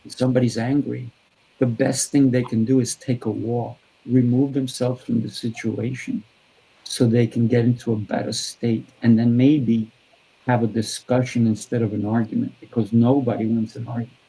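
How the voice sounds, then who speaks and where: A man's voice: mid-range voice, level tone, normal speed, mellow, slightly rough, low-quality recording. A man who is a trainer and show host, telling a story in a podcast conversation and acting out both sides of the dialogue.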